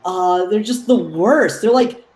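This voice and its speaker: A man co-hosting a casual comics chat, excitable and profane, acting out scenes as he talks. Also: high voice, measured pace. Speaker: podcast co-host. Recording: roomy echo.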